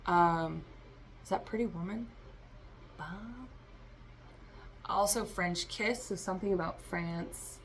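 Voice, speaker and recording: A woman's voice: lowish voice, a little slow, a little hiss or hum. A woman giving a rambling, free-associating tarot reading for a vlog, talking straight to her listeners. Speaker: tarot reader.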